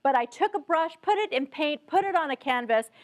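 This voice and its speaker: A middle-aged woman giving a conference keynote talk, telling stories with animated asides to the audience. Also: sits high, brisk. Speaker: keynote speaker. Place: conference hall stage.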